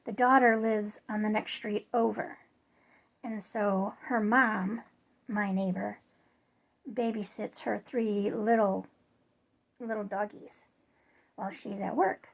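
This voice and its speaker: A woman's voice: a little high, flat delivery, slow, gravelly, pauses often. A woman casually telling a story to her viewers in a chatty, rambling way, full of fillers and restarts. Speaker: vlogger.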